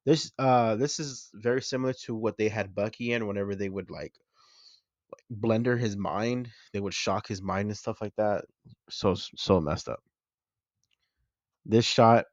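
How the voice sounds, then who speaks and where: A young man hosts a film channel in a dry, close recording with a somewhat muffled, dull sound. His voice sits on the low side as he chats excitedly through a trailer breakdown, often pausing to correct himself. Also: gravelly, no room sound. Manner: excited, chatty, self-correcting fan talk. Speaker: movie channel host.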